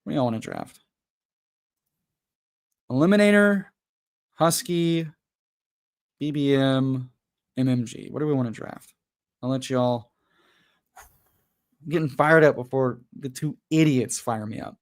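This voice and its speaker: A young adult man talks live to his viewers as host of a fantasy sports stream. His delivery runs from exasperated, swear-laden ranting to loose, chatty banter with the audience. His voice sits at an ordinary middle pitch. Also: unhurried, long pauses. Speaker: fantasy football livestream host. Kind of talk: casual livestream chat and rant.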